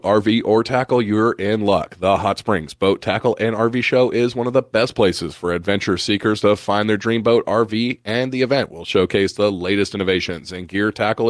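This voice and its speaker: A man reporting local news on the radio, reading a scripted report in a steady, even delivery. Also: lowish voice, no echo, clean studio sound. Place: radio studio.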